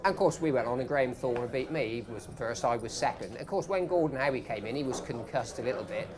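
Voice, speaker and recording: A former jockey telling a matter-of-fact racing story to a live audience in a pub. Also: male voice, medium pitch, fast talker, background noise. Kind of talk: anecdotal storytelling.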